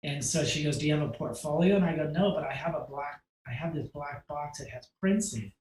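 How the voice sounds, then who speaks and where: This is a US man with a fairly high pitch telling a long, animated story about himself; he voices other people's quotes, whispers his inner thoughts, and fills his fast, emotional speech with "like." The sound is reverberant, low quality, with slight background noise.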